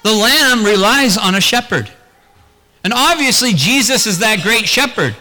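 A man's voice: high-pitched, animated, a little slow, sharp tone, big-room sound. A man preaching a sermon as pastor, talking earnestly and putting rhetorical questions to the congregation.

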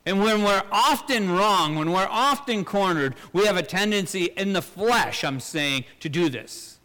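A man preaching an earnest sermon with a bright, forceful, slightly high voice. He asks the listeners rhetorical questions, builds up louder and then drops low again. His voice rings out in a hall with a long echo. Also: lively intonation, unhurried.

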